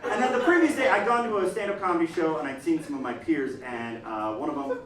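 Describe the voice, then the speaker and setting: A young man doing a stand-up comedy set, animated, acting out voices and yelling punchlines. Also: fairly high pitch, fast talker, over a noisy crowd. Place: comedy club stage. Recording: roomy club sound from a distance. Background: audience laughter.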